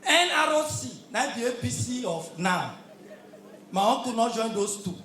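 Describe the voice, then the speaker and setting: A man doing live stand-up comedy with a Nigerian Pidgin English accent, delivering loud, punchy, shouted punchlines. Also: very high voice, sing-song, normal speed, roomy sound, a little hiss or hum.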